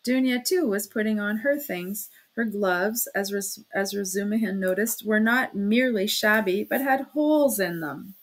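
A woman reading a classic novel aloud as narrator, in steady, plain storytelling. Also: mid-range voice, normal speed, few pauses.

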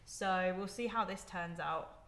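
A woman's voice: lowish voice, a little slow, a bit bright. A young woman chatting to viewers during a live stream as she cooks in her home kitchen, often laughing. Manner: chatty, giggly, talks to viewers while moving around the kitchen. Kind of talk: casual live-stream chat while cooking. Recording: echoey kitchen, faint noise.

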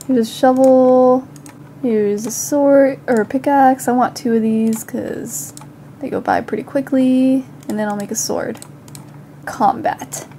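A woman's voice: high voice, mellow, slight background noise. A young woman doing casual gameplay commentary while slightly sick, chatting to herself and bursting into panicked outcries. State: slightly sick, occasional cough. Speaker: gaming channel host.

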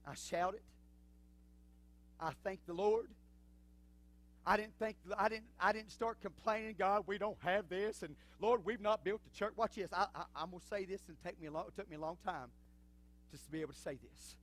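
High-voiced fervent pastor. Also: male voice, normal speed. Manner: fervent, swings from low talk to shouting. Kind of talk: sermon. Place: church sanctuary.

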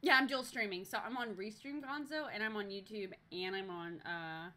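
A young woman chats on her live stream, telling a story in a bright, clear voice. She talks in a loose, animated way, swears freely, and trips over her own sentences with plenty of fillers. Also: medium pitch, moderate pace. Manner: animated, profane, lots of fillers and restarts.

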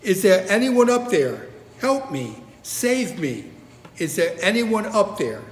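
A man's voice: high voice, sing-song, takes it slowly, pitched above the performer's own voice, full character voice. A pastor acting out a desperate man hanging from a cliff edge, pleading frantically for help in a reverberant hall.

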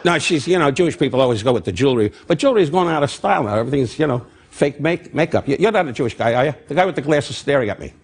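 A man in his eighties, a guest comedian on a talk show, firing off mock insults and quickly taking them back. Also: medium pitch, lively intonation. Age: 80s. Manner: rapid jabs, mock insults, then quick take-backs. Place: TV studio before live audience. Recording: TV broadcast with loud audience laughter and noise.

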